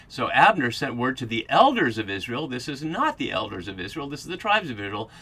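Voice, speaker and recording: A man's voice: mid-range voice, sing-song, fairly quick, pushed and bright, breathy edge. A man hosting a podcast, giving a Bible study lecture that explains passages and thinks aloud as he goes. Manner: thinking aloud with fillers and restarts.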